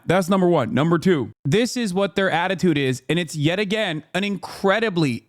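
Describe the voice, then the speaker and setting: Brief ranting thirtysomething male streamer, swears a lot, higher-pitched voice, dry close sound. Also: no echo. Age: 30s. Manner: profane, ranting, sarcastic. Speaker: streamer reacting to news clips. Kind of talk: heated political commentary.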